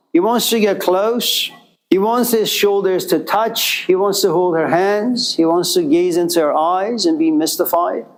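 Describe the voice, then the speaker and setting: Slow, animated male storyteller. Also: sits high, low-quality recording. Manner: animated storyteller, acts out voices. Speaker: lecturer. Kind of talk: storytelling talk.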